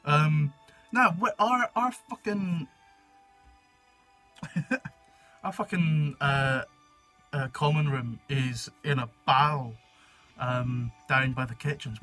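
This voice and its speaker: A man's voice: fairly high pitch, takes it slowly, long pauses, fairly bright tone, faint music behind. A young man chatting casually for his video, rambling with frequent swearing and jokey asides. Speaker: YouTuber. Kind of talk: casual chat reading a website on camera.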